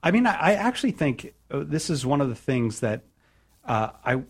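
A man's voice: mid-range voice, big pitch swings, normal speed, breathy edge. A man hosting a live radio talk show, teasing his guests and laughing often.

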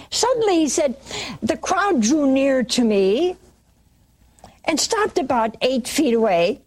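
A woman preaching, retelling a saint's vision with quoted dialogue and halting restarts. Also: sits high, very animated, a little mellow, a little hiss or hum. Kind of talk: sermon storytelling.

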